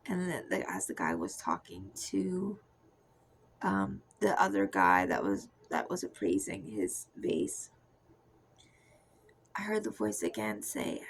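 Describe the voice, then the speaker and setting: A young woman giving a soft, confessional personal testimony that often drifts into a whisper. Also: low voice, sing-song, a little slow, creaky, breathy edge, rough recording. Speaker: Christian testimony speaker.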